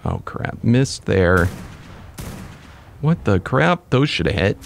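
A young man commentating his own gameplay, excitable and quick to break into frustrated outbursts. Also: on the low side, creaky, a little hiss or hum. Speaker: let's play gamer.

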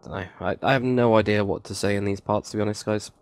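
A man's voice: fairly low pitch, steady tone, fast, no room sound. A man hosting a casual building tutorial, counting blocks aloud with chatty, self-mocking asides. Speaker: game tutorial host.

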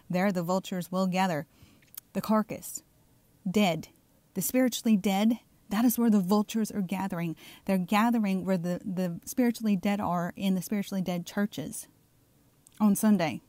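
A woman's voice: mid-range voice, dark tone, no echo. A middle-aged woman with a Southern US accent, preaching in a fired-up, emphatic online commentary that keeps checking in with "okay?". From Southern United States. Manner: fired up and insistent. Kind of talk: fiery religious commentary video.

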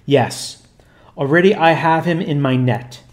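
A man's voice: fairly high pitch, a little slow, natural voice. A man reading the lines of a sly demon speaking through a boy, in a storybook reading. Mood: gloating.

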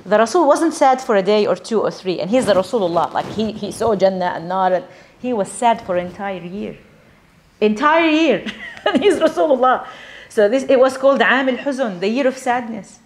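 A woman's voice: mid-range voice, fairly quick. A woman with an Australian accent giving a conversational religious talk to a gathering of women, asking them questions. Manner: conversational, animated, asks the audience questions. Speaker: religious teacher.

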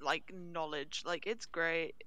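A woman co-hosting a live stream, chatting casually and teasing her friend with quick laughs. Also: deep voice, steady tone, over a noisy crowd. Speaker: co-streamer and moderator.

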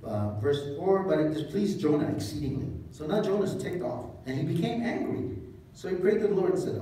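Man preaching, lively pitch, mellow tone, roomy hall echo, distant mic. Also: fast talker, a little hiss or hum. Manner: casual, joking asides, animated retelling. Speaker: pastor. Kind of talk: sermon. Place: church hall.

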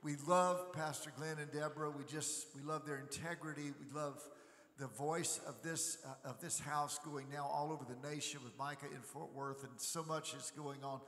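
A man's voice: on the high side, fairly even intonation, normal speed, fairly bright tone. A man preaching a sermon as a guest preacher, telling jovial stories and asking the congregation to respond. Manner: jovial storytelling, asks crowd to respond. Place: large church sanctuary. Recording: echoey church hall reverb.

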